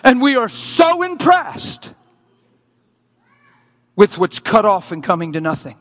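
A man preaching a sermon as a story, animated, acting out voices and screams and often laughing. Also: high-pitched, takes it slowly.

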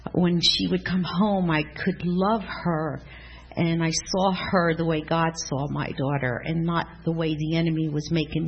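A woman's voice: on the low side, lo-fi sound, slight background noise. A woman giving a casual spoken testimony in a church class, rambling and earnest with many restarts.

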